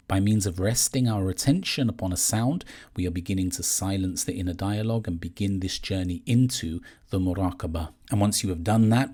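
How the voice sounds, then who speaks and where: A man calmly explaining a meditation practice step by step, in a measured teaching manner. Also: low voice, breathy edge. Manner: calm, measured, gently explaining. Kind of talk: guided instruction on meditation.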